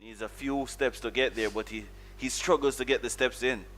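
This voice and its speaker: A man with a Caribbean accent giving calm, measured colour commentary on a live cricket match and explaining tactics. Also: medium pitch. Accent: Caribbean English. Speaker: cricket analyst.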